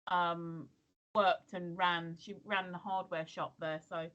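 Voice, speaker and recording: A woman's voice: lowish voice, flat delivery, slow pace, a bit bright, highs cut off. A woman, co-hosting a casual livestream chat and telling rambling stories full of ums and restarts. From England. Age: 50s. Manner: chatty storyteller, lots of ums and restarts. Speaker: co-host. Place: home, streaming.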